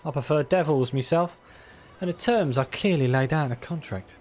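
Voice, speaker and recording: A man's voice: on the high side, normal speed, a little mellow, slight background noise, close to an everyday voice. A man voicing a shady, greedy one-eyed male merchant in a put-on Cockney accent with swaggering sales patter. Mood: boastful.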